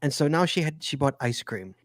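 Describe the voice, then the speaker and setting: A man's voice: a little high, lively intonation, a little fast, no room sound, studio quality. Teasing man hosting a podcast. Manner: teasing, rambling with fillers. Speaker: podcast host. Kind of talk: casual podcast chat.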